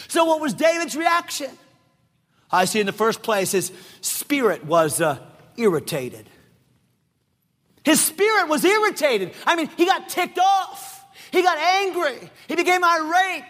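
A middle-aged male pastor preaching a sermon, emphatic, often shouting and repeating phrases for effect. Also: extremely high pitch. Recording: long reverb of a large hall.

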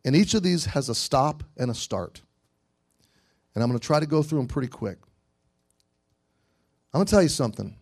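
A middle-aged man preaching a sermon to teenagers, earnest, swinging between loud exhortation and hushed storytelling. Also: medium pitch, big pitch swings, moderate pace, long pauses. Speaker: youth pastor.

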